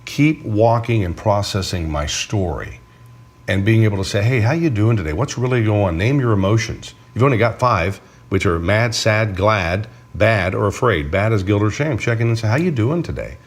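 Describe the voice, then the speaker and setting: A man's voice: on the low side, normal speed. A middle-aged man, a counselor, explaining emotions and boundaries in a casual faith talk, acting out little bits of dialogue as he goes. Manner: animated, acts out little dialogues. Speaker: counselor co-host. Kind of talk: conversational teaching on faith and emotions.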